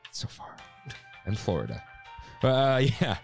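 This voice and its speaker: A man's voice: mid-range voice, very animated, a little slow, creaky, soft background music. A young man co-hosting a casual podcast, chatting and reading listener emails aloud. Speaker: podcast co-host. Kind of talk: casual chat.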